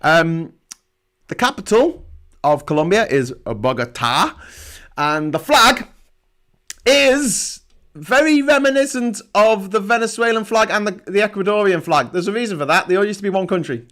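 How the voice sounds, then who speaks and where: A man in his thirties hosts a casual livestream with a voice a little higher than most men's. He talks in a loose, sarcastic ramble, often starting a sentence twice before he gets going. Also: lively intonation, a little slow, a bit bright. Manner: chatty, sarcastic, rambling with many restarts. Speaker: host of a live travel show.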